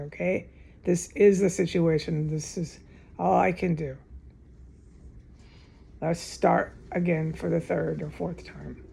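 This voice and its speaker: Gravelly, husky woman vlogger. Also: on the low side, darkish tone. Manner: agitated, repetitive, with frequent swearing. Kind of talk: rambling direct-to-camera monologue. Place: home, indoors.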